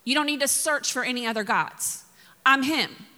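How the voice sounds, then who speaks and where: Blunt scolding male God figure, voiced by a woman, bright forceful tone, long hall reverb. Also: high-pitched, normal speed. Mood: insistent. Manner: blunt, exasperated commands.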